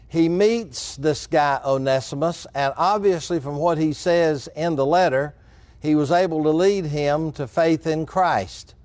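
A man delivers a sermon in a measured, earnest way, often turning to speak straight to his listeners. His voice sits a little high for a man. The sound is dry and close, with no room around it. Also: a little mellow, no echo. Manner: measured, earnest preaching with asides to the congregation. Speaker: pastor.

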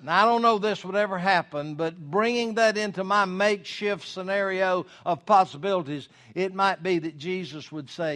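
An earnest preacher man with a somewhat high voice delivers a folksy sermon. He builds to loud, drawn-out emphasis on his key points. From United States. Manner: earnest, folksy, rising to loud emphasis when voicing God.

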